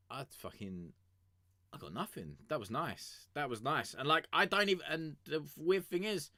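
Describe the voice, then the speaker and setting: A man's voice: medium pitch, bright, forceful tone, no room sound, studio quality. A man streaming music reviews, talking casually in a rambling, sweary way and trailing off mid-sentence. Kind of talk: casual live-stream commentary.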